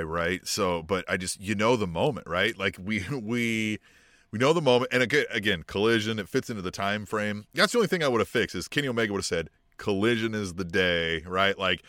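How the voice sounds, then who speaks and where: A man co-hosting a wrestling podcast, excitable and profane, acting out quotes in a higher voice. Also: quick pace, dry recording, clean studio sound. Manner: excitable, swears a lot, acts out quotes in a higher voice. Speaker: podcast co-host. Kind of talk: casual wrestling chat.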